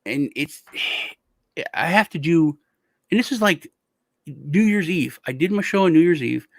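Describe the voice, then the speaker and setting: A man, hosting a crypto show, telling stories in a casual, animated way with lots of swearing. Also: a little high, measured pace, creaky, no room sound, studio quality. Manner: animated, profane ranting storyteller. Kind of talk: casual chat.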